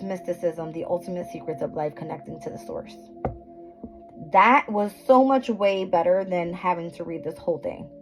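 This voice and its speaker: In a rough recording with music in the background, a woman with a mid-range voice reads astrology and tarot casually for viewers at home. She's scattered and swears, often fumbles her words, interrupts herself, and laughs at the slips.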